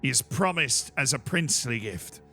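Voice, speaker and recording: A man doing a booming Scottish envoy, high and bright. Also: lively intonation, moderate pace, creaky, soft background music, exaggerated voice. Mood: solemn, grandiose. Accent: put-on Scottish. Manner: pompous, ceremonial reading. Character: grand, formal male envoy with a Scottish accent. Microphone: headset.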